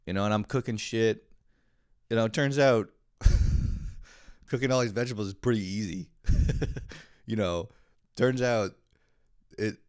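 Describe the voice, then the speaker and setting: Guy rambling on his podcast, deep voice, swears a ton, dry close sound. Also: unhurried, pauses often, a little mellow, no room sound. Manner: rambling, filler-heavy, profane. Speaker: podcast host. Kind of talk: casual solo monologue.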